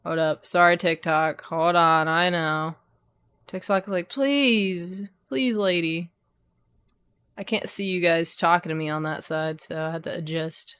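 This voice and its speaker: A woman's voice: sits low, flat delivery, moderate pace, fairly bright tone, clear, resonant tone, no room sound, clean studio sound. A young woman streamer casually chatting and swearing with her chat while she does a craft, her voice sometimes fading as she turns from the mic. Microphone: desk microphone, voice drops when she turns away.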